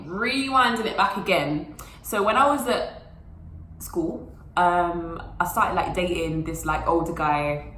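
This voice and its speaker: A woman's voice: fairly low pitch, slow, a bit bright, echoey room, slight background noise, low-quality recording. A young woman telling a personal story to her phone camera in a casual, chatty way, full of fillers and acted-out quotes. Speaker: vlogger.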